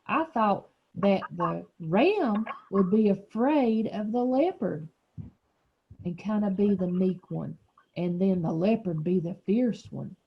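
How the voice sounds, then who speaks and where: A woman's voice: medium pitch, lively intonation, slow pace, breathy edge, dull audio. A woman teacher leading a reading lesson for young children, explaining patiently and encouraging them.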